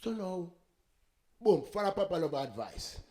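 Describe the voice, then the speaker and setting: A man's voice: high voice, very animated, moderate pace, dark tone. A man giving a rambling, preachy spoken reflection between songs, mixing in patois sayings.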